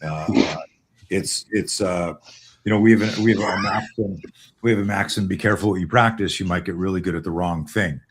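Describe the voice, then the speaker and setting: A man with a low-pitched voice talks fairly quickly, with a little hiss or hum in the audio. He has a Canadian American accent and chats casually as a co-host on a video call, rambling and emphatic with many restarts.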